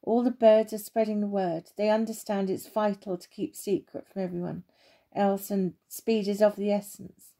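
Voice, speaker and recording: A woman voicing an eager little storybook bird. He is nervous and apologetic, his voice soft and mellow. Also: medium pitch, flat delivery, normal speed, natural voice.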